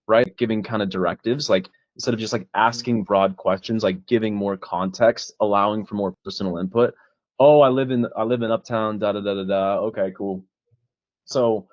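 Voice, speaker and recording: Guy talking dating tips, casual, swears a lot, deep-ish voice, dead dry slightly dull audio. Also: no room sound. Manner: casual, swears, acts out both sides of bar conversations. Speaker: dating coach. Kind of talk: casual coaching chat with role-played examples.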